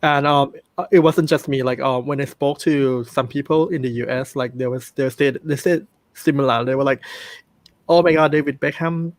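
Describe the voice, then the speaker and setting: A man from Thailand speaking English with a Thai accent, chatting casually with many pauses and restarts. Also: mid-range voice, fairly even intonation, no room sound. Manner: hesitant, many ums and restarts. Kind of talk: casual chat.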